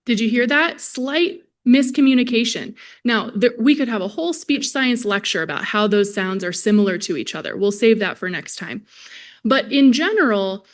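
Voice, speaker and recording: A woman's voice: fairly high pitch, lively intonation, normal speed. A woman gives a lecture at a symposium, friendly and conversational as she speaks straight to the people in the hall. She is a speech-language pathologist, and her voice comes through a presenter microphone. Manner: friendly, conversational, addresses audience directly. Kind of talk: conference lecture to a live audience.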